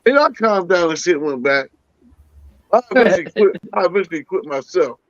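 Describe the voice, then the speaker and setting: A man's voice: high voice, normal speed, no echo. A man telling a profane, punchy story as a comedy panelist. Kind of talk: casual storytelling. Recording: dull dry mic.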